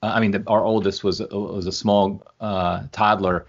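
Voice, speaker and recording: A middle-aged man appears as a guest in a casual interview chat, rambling, correcting himself as he goes and chuckling often. His lowish voice holds a level tone at a moderate pace, heard through muffled lo-fi video call audio.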